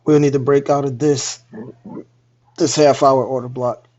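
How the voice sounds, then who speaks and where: A man's voice: medium pitch, level tone, measured pace, a little mellow. A man casually explaining trading chart levels as he points them out on screen. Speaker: trading educator. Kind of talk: live screen-share trading walkthrough. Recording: dull lo-fi mic.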